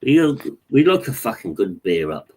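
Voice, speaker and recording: A man chatting casually in an easygoing way, explaining things slowly. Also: fairly low pitch, very animated, darkish tone. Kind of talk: casual chat.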